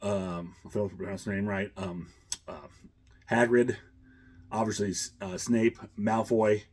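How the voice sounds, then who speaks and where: Brief: male host, casual rambling chat, deep and slightly raspy. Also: level tone, moderate pace, darkish tone. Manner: rambling, chuckling, many fillers.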